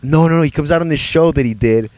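A man's voice: fairly high pitch, fast, no room sound. A man co-hosting a podcast in casual chat, swearing constantly and laughing often. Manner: profane, excitable, laughs often. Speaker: podcast co-host.

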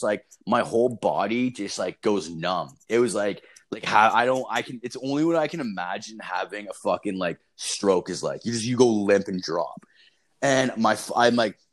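Rambling, profane young man, low voice. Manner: profane, rambling, lots of filler. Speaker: storyteller. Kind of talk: casual storytelling.

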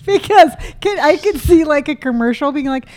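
A woman's voice: sits high, animated, moderate pace, darkish tone. A middle-aged woman, the host's mother, joking playfully on a casual podcast. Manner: giggly, playful.

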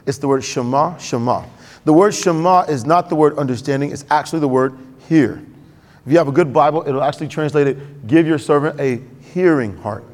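A man's voice: medium pitch, darkish tone, big-room sound. A male pastor preaching a sermon in a conversational way, acting out quoted voices.

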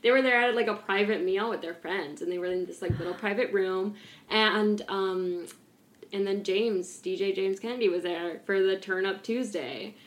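A woman's voice: medium pitch, normal speed, echoey room. A young woman co-hosting a podcast, chatting casually and giggling through gossip with lots of fillers. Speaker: podcast co-host.

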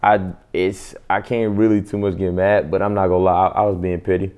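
A young adult man telling stories in a relaxed, casual chat as a podcast co-host, with many restarts. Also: low-pitched, a little fast, clean tone. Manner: storytelling, loose and laid-back with restarts.

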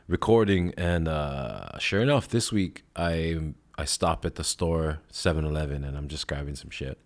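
A man hosts his podcast in a loose, casual ramble, with plenty of swearing along the way. His voice sits very low. He wanders from story to story without hurrying. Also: slow. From Hawaii. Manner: rambling, heavy swearing, laid-back storytelling. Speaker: podcast host. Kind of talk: casual chat.

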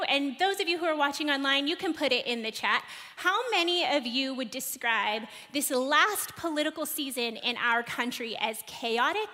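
A woman in her thirties preaching a sermon, telling a personal story and asking the congregation questions with animated delivery. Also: sits high. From United States. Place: large church hall. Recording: long hall reverb.

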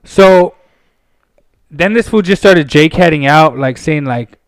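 A man's voice: a little high, takes it slowly, pauses often, no room sound. Profane young man telling stories. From Pasadena, California. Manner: profane, animated storyteller. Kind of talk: casual storytelling.

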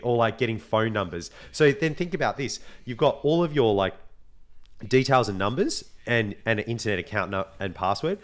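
A man co-hosting a podcast, chatting casually and telling animated stories, acting out the voices of people he quotes. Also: medium pitch, a little fast. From Australia. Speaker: podcast co-host. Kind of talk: casual chat.

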